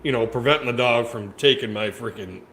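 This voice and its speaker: A man chatting as a panel guest, telling joking stories in an animated, casual way. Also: medium pitch, brisk. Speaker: panel guest, delivery driver and mobile notary. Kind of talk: casual storytelling chat. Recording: echoey room with faint noise.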